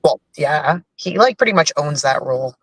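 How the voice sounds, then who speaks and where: A man's voice: on the high side, animated, normal speed, a crowd in the background. A man co-hosting a casual radio chat, talking bluntly and laughing easily. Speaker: radio show co-host.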